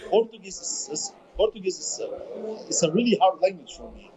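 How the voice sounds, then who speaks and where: A man in his twenties with a German accent, a bodybuilder speaking English as a second language in a casual interview, halting and repeating words as he searches for them. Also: sits high, lively intonation, gravelly, a crowd in the background. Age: 20s. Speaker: bodybuilder guest. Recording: dull lo-fi remote audio.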